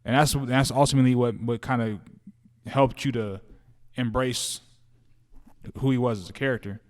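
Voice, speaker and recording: This is a man of ordinary pitch co-hosting a casual podcast about movies and TV. He talks in a loose, slangy way, stacks repeated words and restarts sentences as ideas come. The tone is relaxed banter between friends. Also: moderate pace. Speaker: podcast co-host.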